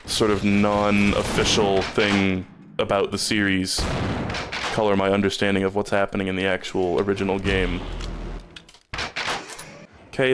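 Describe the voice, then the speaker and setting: Man streamer, lowish voice, rambling casual commentary with repeated words, faint hiss underneath. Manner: rambling, stumbles and repeats words when puzzled.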